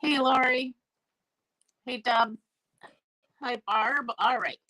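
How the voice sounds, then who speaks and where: A woman's voice: high-pitched, fairly even intonation, takes it slowly, bright, forceful tone, no room sound. A woman with a sore throat and crackly voice, chatting casually as she hosts a live stamping class and greets viewers by name. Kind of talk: live-streamed craft class chat. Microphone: new desk mic.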